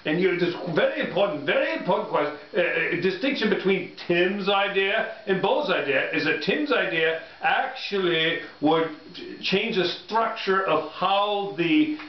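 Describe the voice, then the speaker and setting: A man's voice: high voice, animated, unhurried. A man co-hosting a casual sports picks chat, rambling and mock-formal with many fillers. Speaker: co-host of a sports picks show. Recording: roomy, dull home recording.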